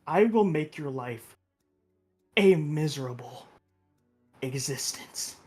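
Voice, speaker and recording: A man's voice: fairly high pitch, expressive, slow pace, breathy edge, faint music behind, exaggerated voice. A man doing a furious, threatening brute of a father. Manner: loud, shouting threats.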